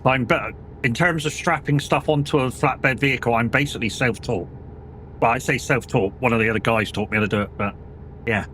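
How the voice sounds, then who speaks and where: A man's voice: mid-range voice, fairly even intonation, brisk, pushed and bright, a little hiss or hum. A young British man streaming a driving game, chatting casually and swearing through rambling stories about old jobs. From United Kingdom. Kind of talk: casual chat while gaming.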